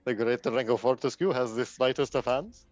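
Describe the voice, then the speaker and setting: A man's voice: mid-range voice, fairly quick, darkish tone, natural voice. A man voicing a pompous, grandiose bard who speaks of himself in the third person, over dull lo-fi call audio. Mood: smug.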